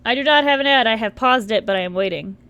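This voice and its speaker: Young woman on a podcast, sharp bright voice, snarky and swears. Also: on the high side, fast, clear, resonant tone, dull audio. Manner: sarcastic, blunt, swears. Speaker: podcast co-host. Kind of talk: casual group podcast chat.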